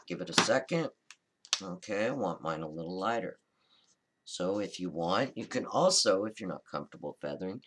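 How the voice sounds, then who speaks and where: Low-voiced man demonstrating a craft. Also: slight background noise. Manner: relaxed, chatty, reassuring, corrects himself mid-sentence. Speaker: card-making tutorial host. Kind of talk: casual step-by-step crafting demonstration.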